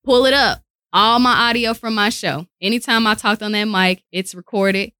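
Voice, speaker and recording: A woman's voice: mid-range voice, normal speed, dry recording. A woman radio personality talking casually in an interview, telling stories animatedly and acting out the voices of people she quotes, recorded in a studio. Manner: animated storyteller who acts out quoted voices.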